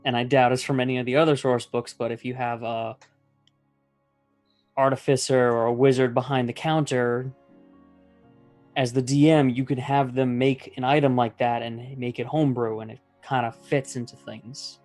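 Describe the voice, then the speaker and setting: A man hosting a casual tabletop gaming chat, explaining ideas in a relaxed way with fillers. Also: mid-range voice, moderate pace, faint music behind. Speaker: podcast host.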